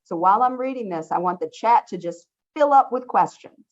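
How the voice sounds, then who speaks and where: A woman's voice: medium pitch, animated, a little fast. A woman instructor leading an online study workshop, upbeat and encouraging, often saying how much she loves her students' questions. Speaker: college instructor. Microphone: video call. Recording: dull lo-fi video call audio.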